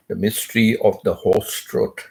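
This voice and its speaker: A man's voice: fairly low pitch, level tone, a little slow, gravelly. An older man, a grandfather, talking casually to camera at home in a wooden house, repeating his phrases and chuckling at himself. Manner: repetitive, chatty, laughs at himself. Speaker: channel host. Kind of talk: casual vlog talk.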